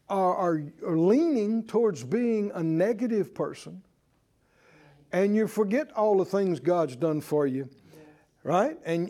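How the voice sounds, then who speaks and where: A man preaching a sermon in a folksy, scolding way, slow and emphatic. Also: high-pitched, warm tone.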